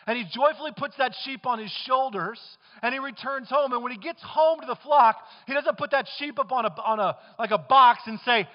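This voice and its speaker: A man preaching a sermon as pastor, impassioned, swinging between loud bursts and hushed lines. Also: very high-pitched, a little fast, hardly any pauses, in a large hall, lo-fi sound.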